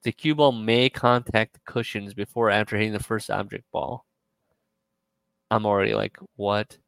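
A man co-hosting a casual podcast, retelling a story in a rambling way, full of fillers and quick quoted asides. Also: on the low side, fairly even intonation, gravelly, fairly bright tone, smooth, dry recording, poor audio. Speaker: podcast co-host.

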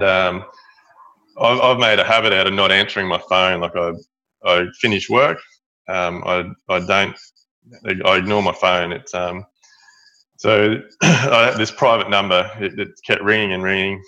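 A middle-aged Australian man telling a story as an interview guest, halting, with many fillers and restarts. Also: deep voice, steady tone, bright, forceful tone. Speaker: guest, building business owner. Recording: dull lo-fi audio.

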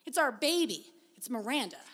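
A woman's voice: a little high, very animated, moderate pace, fairly bright tone. A woman doing an anxious, whiny young boy. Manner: whiny, breathless pleading.

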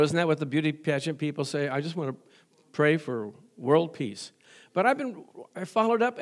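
High-voiced joking male pastor. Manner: folksy, joking, asks the congregation for amens. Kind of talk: sermon.

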